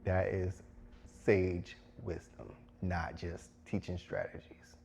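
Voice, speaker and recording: A man's voice: deep voice, level tone, slow pace, creaky, darkish tone, a little hiss or hum. A man giving emphatic, preachy advice to teachers, repeating phrases for stress. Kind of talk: direct-to-camera advice talk.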